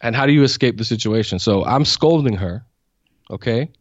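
A man in his thirties who co-hosts a casual chat, telling animated stories about being a father and laughing often. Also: mid-range voice, moderate pace, no echo, lo-fi sound. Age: 30s. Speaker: podcast co-host and father.

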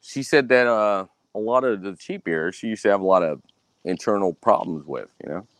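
A man's voice: moderate pace, dry recording. A man hosting a solo podcast, ranting angrily and boastfully with constant cursing and repeating himself. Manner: mimics others in a high voice. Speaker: podcast host. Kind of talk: profane solo podcast rant.

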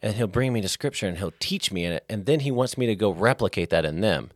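A man in his thirties, a podcast guest, telling personal stories in an earnest, animated way. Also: on the low side, quick pace, dry recording, clean studio sound. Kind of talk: casual storytelling.

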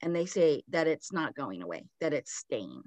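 A woman's voice: low-pitched, big pitch swings, normal speed, a little mellow, no echo. A woman, a podcast host, retelling a story in a loose, casual chat full of "like" fillers.

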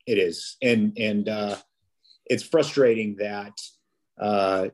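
A man's voice: on the low side, steady tone, takes it slowly, darkish tone. A police officer, a man, chatting as a podcast guest, telling stories casually with many restarts and fillers. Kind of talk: casual interview storytelling.

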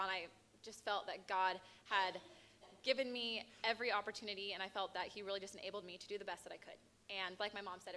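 Young woman guest, bright voice, lively testimony, animated storytelling. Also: mid-range voice, a little hiss or hum. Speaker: guest, pageant winner. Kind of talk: personal testimony.

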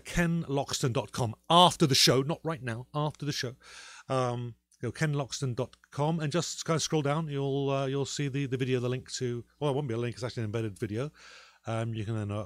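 A man co-hosting a podcast in a loose, rambling chat, full of ums and restarts. His voice sits in an ordinary middle pitch. The sound is dry and close, with no room echo. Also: fast. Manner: rambling, many fillers and restarts. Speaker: podcast co-host.

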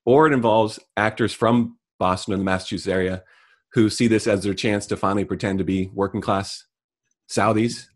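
A middle-aged man co-hosting a casual comedic chat, delivering deadpan mock rants. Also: deep voice. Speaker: podcast co-host.

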